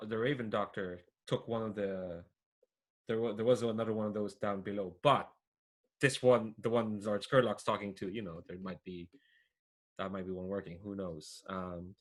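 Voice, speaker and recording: A man running a tabletop role-playing game, narrating and chatting in a hesitant, casual way. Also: on the low side. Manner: hesitant, chatty, many fillers and laughs. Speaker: game master.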